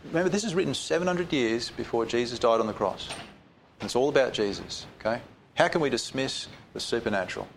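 A man teaching a Bible study, reading scripture slowly and with emphasis, then explaining it in a loose, conversational way. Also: medium pitch, animated, slight background noise.

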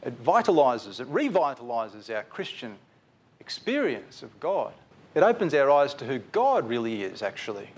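A man's voice: medium pitch, very animated, moderate pace, darkish tone, breathy edge. A man preaching a sermon in an earnest, repetitive way, putting direct questions to his listeners.

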